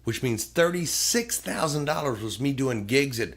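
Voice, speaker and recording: This middle-aged podcast guest has a medium-pitched voice and a moderate pace. He's an animated storyteller in casual conversation, voicing the people he quotes and cursing freely.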